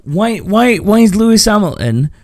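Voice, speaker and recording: A man rants through a casual podcast, brash and profane, his voice high-pitched and swinging widely up and down. The sound is dry and close, with no room echo. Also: big pitch swings, moderate pace, a little mellow. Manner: brash, sweary, ranting. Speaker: podcast host.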